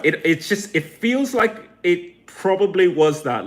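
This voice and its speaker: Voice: medium pitch, expressive, measured pace, few pauses. A vlogger in a casual rambling monologue, swearing often and wandering between thoughts while second-guessing themself. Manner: profane, meandering, self-questioning.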